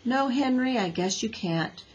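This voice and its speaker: A woman reading as a fussing storybook teacher, breathy, worried, scolding, a touch higher. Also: animated, unhurried, highs cut off. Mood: fretful. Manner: fretful, worried. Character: fussing schoolteacher woman, kind but flustered.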